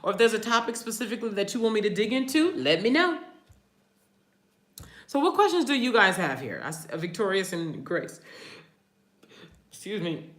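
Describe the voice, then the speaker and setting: A woman's voice: mid-range voice, very animated, normal speed, long pauses, a bit bright, reverberant. A woman hosting a casual live stream, chatting with viewers, reading their comments aloud and laughing often. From family from New Orleans. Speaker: livestream host.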